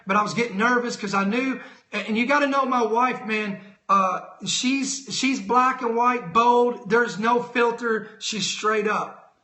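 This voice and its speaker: A man with a high, bright voice delivers a sermon-style talk from a roomy, echoing space. He's animated and conversational, acts out the people in his stories, and stumbles into quick self-corrections as he goes. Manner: animated, storytelling with quoted dialogue and self-corrections. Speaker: host of a Christian teaching stream.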